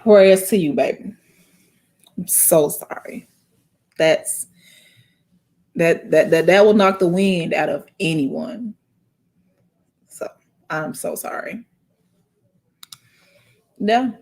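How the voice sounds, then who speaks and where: Animated woman chatting to viewers. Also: lowish voice. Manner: animated, preachy, talks straight to viewers; emotional, tearful, halting. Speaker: host. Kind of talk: casual livestream chat.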